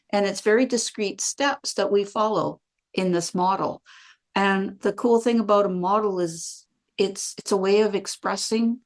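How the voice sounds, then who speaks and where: A middle-aged woman, a podcast guest, telling stories and explaining ideas in casual conversation, acting out quoted dialogue. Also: medium pitch. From Canada. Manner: lively, acts out quoted dialogue. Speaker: podcast guest, bioenergetics practitioner. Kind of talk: casual interview storytelling.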